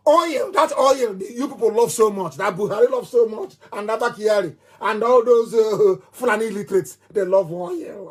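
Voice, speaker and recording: A man's voice: high voice, slightly rough. A middle-aged man with a Nigerian accent giving a fiery live radio address, emphatic and repeating phrases like a chant. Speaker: movement leader on radio.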